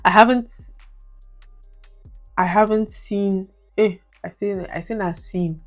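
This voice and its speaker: A woman's voice: mid-range voice, unhurried, long pauses, a little mellow, soft background music. A young Nigerian woman with a Nigerian accent, talking casually about movies as a video reviewer. She laughs often and slips into Nigerian Pidgin. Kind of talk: casual commentary on her old reviews.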